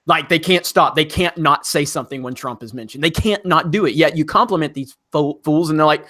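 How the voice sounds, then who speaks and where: A man's voice: on the high side, brisk, bright, forceful tone, no room sound. Guy hosting a live stream, rambly, keeps restarting, dry sound. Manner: rambling, restarts often, laughs now and then. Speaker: livestream host. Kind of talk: casual livestream chat.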